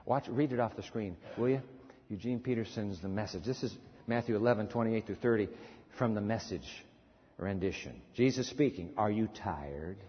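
A man preaching a sermon in a church hall, dramatic and swinging from emphatic to hushed, questioning the congregation. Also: fairly low pitch, normal speed, a little hiss or hum. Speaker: pastor. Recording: lo-fi sermon recording in a reverberant hall.

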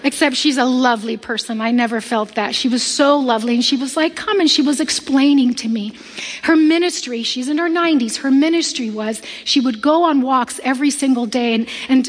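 A woman's voice: high voice, big-room sound. A woman preaching a sermon, telling a personal story and acting out the voices of the people in it. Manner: animated, acts out quoted voices.

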